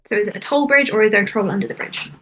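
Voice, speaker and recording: A woman's voice: medium pitch, very fast, a bit bright. A woman playing a tabletop game in a playful, teasing way. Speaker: player.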